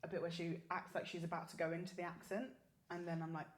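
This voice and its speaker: Hesitant, low-voiced woman in an echoey room. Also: flat delivery, fast. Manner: easygoing, hesitant, many ums. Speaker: performer guest. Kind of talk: casual podcast chat.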